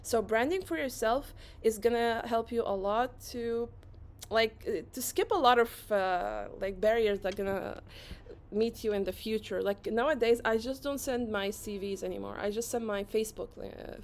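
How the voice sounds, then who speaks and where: A woman whose first language is Arabic, giving a fast-paced, energetic motivational talk at an online conference and repeating phrases for emphasis. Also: a little high. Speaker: conference speaker. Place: online session.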